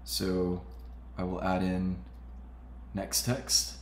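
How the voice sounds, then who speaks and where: A man hosting a casual tech tutorial, explaining steps in a relaxed way with frequent fillers. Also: sits low, slow, pauses often, roomy sound, slight background noise. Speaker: tutorial host.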